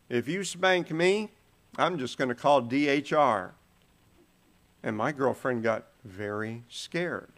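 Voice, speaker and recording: A man's voice: medium pitch, fairly bright tone. A man preaching a sermon, telling stories with shifting volume and pace.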